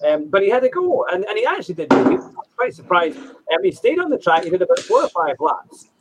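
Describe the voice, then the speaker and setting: A man hosting a casual motorsport podcast, telling a story with many pauses and fillers. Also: sits high, very animated, very noisy. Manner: rambling, hesitant, with many fillers. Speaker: host. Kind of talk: casual chat.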